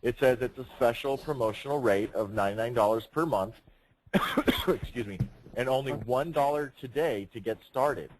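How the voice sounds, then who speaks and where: A man's voice: medium pitch, normal speed. A man leading a sales training session, speaking emphatically, projecting his voice and firing rhetorical questions. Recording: noisy room recording.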